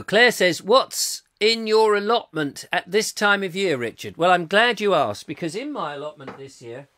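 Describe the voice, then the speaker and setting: A middle-aged English man with a slightly high-set voice hosts a live online chat show. He reads out viewer comments and rambles on in a jokey, self-mocking way, full of asides and restarts. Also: bright, forceful tone. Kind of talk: casual live-stream chat.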